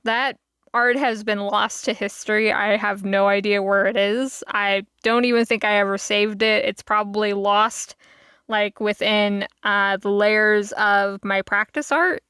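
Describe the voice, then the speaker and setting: A woman's voice: mid-range voice, steady tone, measured pace, pushed and bright, clean tone, no room sound, clean studio sound. A woman streamer chatting casually to her viewers, rambling with many fillers and laughing asides. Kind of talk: casual live-stream chat.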